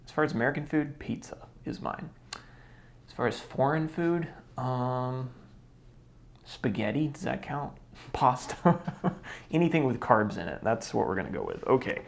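Young male Bible teacher, relaxed and conversational, slight vocal fry. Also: medium pitch, a little slow. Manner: relaxed, chatty, with small laughs and restarts. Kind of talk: casual Bible study video.

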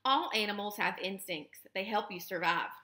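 A woman reading the part of a calm, polite female robot who speaks formally without contractions. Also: mid-range voice, normal speed. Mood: steady. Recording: roomy echo.

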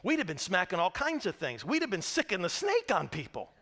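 A man preaching a sermon as pastor, swinging from hushed, quiet words to loud, shouted storytelling. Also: high voice, wildly swooping pitch, fairly quick, few pauses. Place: church sanctuary. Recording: reverberant church hall.

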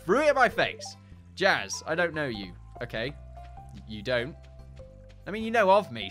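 A young man giving casual, joking commentary while playing games, chatty and quick to swear and laugh. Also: medium pitch, big pitch swings, fairly bright tone, soft background music. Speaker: gaming YouTuber. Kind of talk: casual let's-play commentary.

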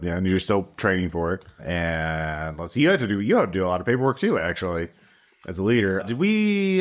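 A man acting as game master, chatting casually with his players and thinking aloud with frequent restarts. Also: low-pitched. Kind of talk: running a tabletop game, casual chat.

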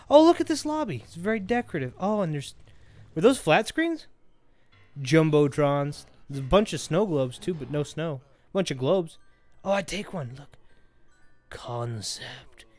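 A man giving casual let's-play commentary over a game, rambling, joking and getting excited as he plays. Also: a little high, normal speed, long pauses, soft background music. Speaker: gameplay commentator.

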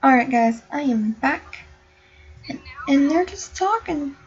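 Young woman, gameplay vlogger, high-pitched and playful, muffled home recording. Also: animated, slow pace. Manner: chatty, voices the game characters playfully. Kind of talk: casual life-sim gameplay commentary.

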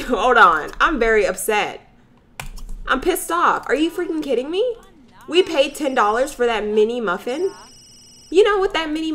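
A woman giving sassy, joking commentary while playing a life-sim video game. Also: mid-range voice. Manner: sassy, animated, slangy and joking. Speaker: let's play gamer.

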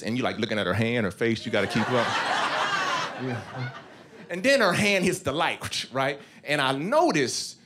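Male stand-up comic, lively swooping delivery, club mic, audience noise behind. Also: medium pitch, fairly quick. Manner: animated storytelling with voiced asides. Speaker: stand-up comedian. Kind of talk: stand-up comedy routine. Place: comedy club stage.

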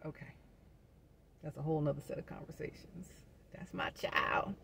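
A middle-aged woman, talking in a chatty vlog with preacher-like asides, quick to laugh. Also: low-pitched, very animated, creaky, a bit bright, in a whisper. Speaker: vlogger. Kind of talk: casual inspirational vlog talk.

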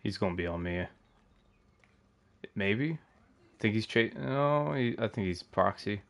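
A young man with a low, gravelly voice full of vocal fry, trading crude, laughing banter with a friend mid-game. He speaks through a headset over voice chat. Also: lively intonation, unhurried, a bit bright. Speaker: co-player. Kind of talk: casual gaming chat.

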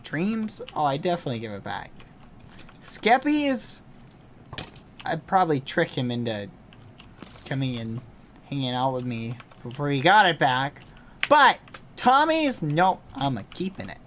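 A man's voice: medium pitch, sing-song, measured pace, fairly bright tone, slight background noise. A man streaming a video game, chatting playfully with his viewers and breaking into sudden gushing squeals. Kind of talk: live game stream chat.

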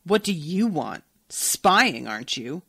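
A woman's voice: low voice, big pitch swings, slow pace, creaky, fairly bright tone, slightly rough, no echo, heavily acted. A woman reading aloud as a rude middle-aged man who barks scornfully. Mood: hostile. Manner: barking and scornful.

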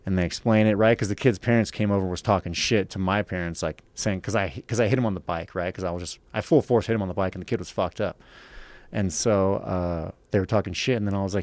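A man's voice: low-pitched, quick pace, darkish tone, no echo. A man from Los Angeles, a podcast guest, telling stories casually with lots of cursing and a rambling "right?" habit. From Los Angeles, USA. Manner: profane, rambling with frequent "right?". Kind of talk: casual storytelling.

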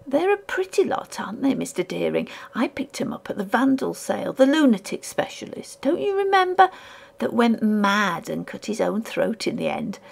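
A furtive, wheedling male collector, put on by a woman reading a ghost story aloud. He talks high and hushed, insinuating every word, with a gravelly edge and a lively, swooping pitch. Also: moderate pace, heavily acted. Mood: sly.

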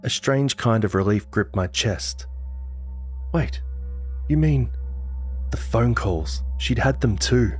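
A man narrating a scripted horror story in a measured, dramatic manner. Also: on the low side, breathy edge. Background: music.

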